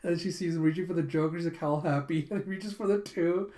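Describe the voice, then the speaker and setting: A man's voice: high voice, fairly even intonation, fast talker, dark tone. A man streaming a casual read-along of a comic, retelling it with frequent laughs.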